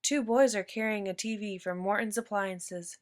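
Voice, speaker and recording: A woman reading a children's picture book aloud in steady, even narration. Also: medium pitch, moderate pace. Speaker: storyteller.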